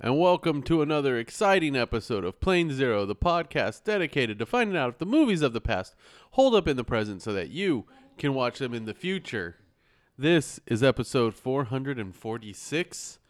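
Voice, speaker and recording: A man's voice: medium pitch, big pitch swings, moderate pace, no echo. A man hosting a casual movie podcast, upbeat and a little rambling as he reads the show plugs. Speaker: podcast host.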